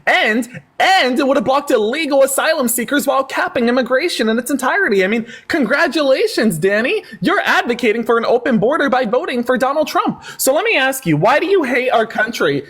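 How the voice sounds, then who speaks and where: A man's voice: extremely high pitch, big pitch swings, a little fast, a bit bright, breathy edge. A man hosting a heated livestream debate, mocking and sarcastic, who often talks over the caller.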